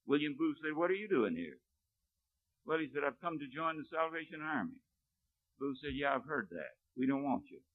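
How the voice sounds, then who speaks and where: A male preacher delivers a storytelling sermon with a lively, rising-and-falling pitch, often sinking to a hushed, low delivery. The sound is narrow and tinny, like a phone line. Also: moderate pace.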